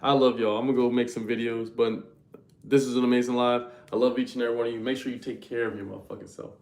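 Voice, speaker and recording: Young guy on a livestream, loose slangy talk right at the chat, mid-pitched voice. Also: level tone, fast talker, a little mellow, echoey room. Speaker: livestream host. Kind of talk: casual livestream chat with viewers.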